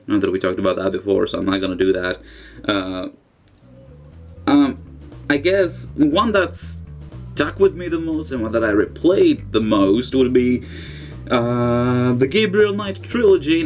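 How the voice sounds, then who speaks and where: A man vlogging from a bathroom, firing off crude jokes as he works through a list of fan questions. His voice swings up and down in a lively sing-song, and soft music plays underneath. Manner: profane, joking, reads questions aloud then answers with wild pitch jumps. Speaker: vlogger answering forum questions. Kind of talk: casual Q&A vlog. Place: indoors in a bathroom.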